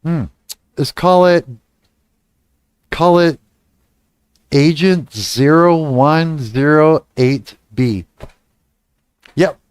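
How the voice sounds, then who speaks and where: A man's voice: a little high, very slow, pauses often, clear, resonant tone, dry recording, clean studio sound. A young man hosting a casual livestream, reading chat comments aloud, laughing often and swearing freely. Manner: giggly, swears a lot, reads chat aloud. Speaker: livestream host.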